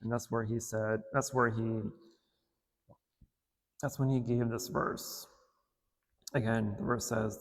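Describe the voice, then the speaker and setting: A man giving a casual dharma talk in a temple, retelling a story in a relaxed way with filler words and light chuckles. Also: medium pitch, slow, pauses often. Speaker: temple speaker. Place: temple hall. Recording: long hall reverb.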